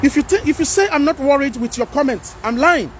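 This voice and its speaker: High-voiced Nigerian man, animated livestream. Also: brisk, slight background noise. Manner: animated, pleading, mixes in Pidgin. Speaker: livestream host reading viewer comments. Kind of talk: casual livestream talk.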